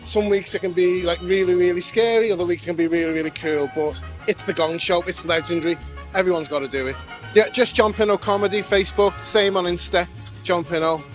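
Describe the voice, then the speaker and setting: A man's voice: high voice, steady tone, brisk, faint music behind. A young Australian man doing a crude, rambling stand-up set and laughing at his own jokes. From Perth, Australia. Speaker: stand-up comedian. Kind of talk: stand-up set and backstage chat.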